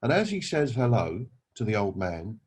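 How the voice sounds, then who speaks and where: Husky man giving a pep talk. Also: lowish voice, sing-song, normal speed, a little mellow. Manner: earnest, rhetorical questions and anecdotes. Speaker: network marketing recruiter. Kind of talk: motivational talk with storytelling.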